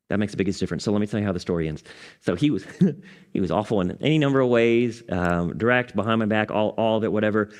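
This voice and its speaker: A pastor, a man, is teaching Bible study at church and weaves in a story from his own life. When things turn solemn, he lets his voice go quiet and low.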